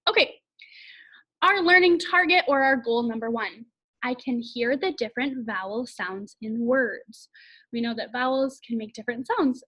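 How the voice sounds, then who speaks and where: A woman teaching second graders an online phonics lesson, slowly drawing out each vowel sound. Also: on the high side, fairly bright tone, rough recording. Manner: slow, clear, exaggerated vowel sounds.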